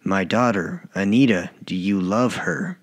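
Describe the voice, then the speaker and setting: A man's voice: low voice, a little slow, slightly rough. A man voicing a dying older male lawyer in an audiobook story, asking blunt, probing questions.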